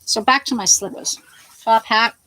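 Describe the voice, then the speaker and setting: Talking to the camera at home, a woman with a slightly high, pushed and bright voice vlogs at normal speed. She rambles bluntly and chattily, swearing freely and hopping between topics, in a rough recording.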